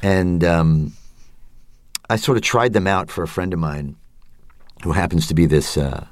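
Brief: middle-aged man, interview guest, very deep voice, thoughtful and hesitant, dry close sound. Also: unhurried, dry recording. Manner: reflective, hesitant, with many fillers and asides. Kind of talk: casual interview talk.

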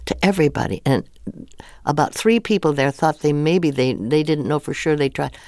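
A woman's voice: low-pitched, normal speed, no echo, studio quality. Older woman telling rambling anecdotes. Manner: rambling, animated, laughs often. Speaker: guest actress. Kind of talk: casual interview storytelling.

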